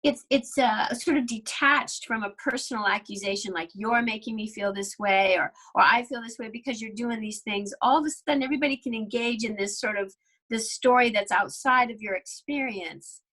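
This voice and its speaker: A woman hosting a livestream interview, warmly affirming and summarizing the points discussed. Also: fairly high pitch, moderate pace, low-quality recording. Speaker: livestream host.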